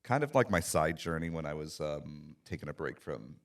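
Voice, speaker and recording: Brief: man in his 30s, very low voice, easygoing and self-deprecating interview guest. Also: lively intonation, moderate pace. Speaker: guest filmmaker. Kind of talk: casual interview chat.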